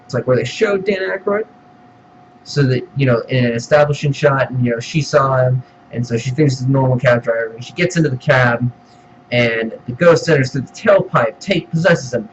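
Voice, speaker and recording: A man in a middle pitch rants through a profane film review, exasperated and quick to mock. The recording is dull and lo-fi with a faint hum behind him. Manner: exasperated, swears often, mock quotes. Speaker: movie reviewer.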